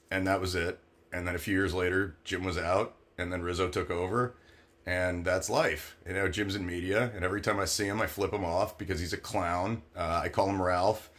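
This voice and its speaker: Brash man with a very deep voice. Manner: brash, sarcastic, animated when quoting others. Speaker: former sports agent storyteller. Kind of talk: casual storytelling monologue.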